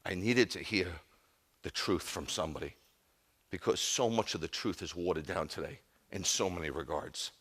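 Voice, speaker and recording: A man's voice: deep voice, moderate pace, fairly bright tone, slightly rough. A middle-aged man, a rabbi, giving a sermon with emphatic, intense storytelling.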